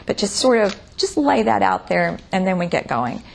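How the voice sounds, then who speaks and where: A woman counselor explaining her approach to couples therapy, speaking gently and thoughtfully, acting out what she says in sessions. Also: mid-range voice, very animated, normal speed, vocal fry, a little hiss or hum. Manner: gentle, thoughtful, with frequent restarts.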